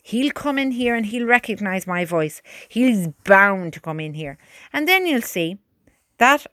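A woman voicing a gentle young male soldier who talks softly and coaxingly to a horse, in a dry recording. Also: mid-range voice, sing-song, a little slow, no echo. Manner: soft, coaxing.

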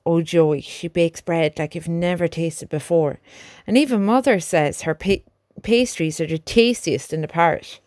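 A woman doing a gentle young soldier. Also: on the low side, a little slow, no room sound, close to an everyday voice. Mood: fond. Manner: soft, chatty, reassuring talk to a horse. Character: young male soldier, gentle, loyal to his horse.

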